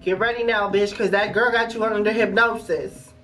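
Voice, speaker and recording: A woman hosting a movie reaction, talking back at the screen in a loud, profane, casual way over a playing film. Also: medium pitch, fairly even intonation, moderate pace, faint music behind, low-quality recording. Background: film soundtrack playing.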